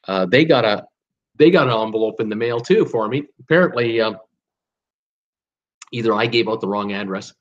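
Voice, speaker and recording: A man's voice: on the low side, a bit bright, muffled recording. A man from Canada hosting a casual live cruise show, chatty and rambling with lots of fillers. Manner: chatty, rambling, self-deprecating, many fillers. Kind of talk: casual live-stream chat.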